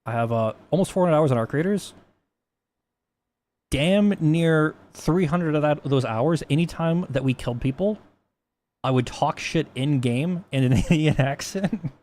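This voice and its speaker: A man's voice: fairly high pitch, a little slow, darkish tone. A man streaming casually while he codes, rambling and swearing, often restarting his sentences. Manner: rambling, profane, frequent restarts. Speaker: livestreamer. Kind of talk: casual livestream chat while coding.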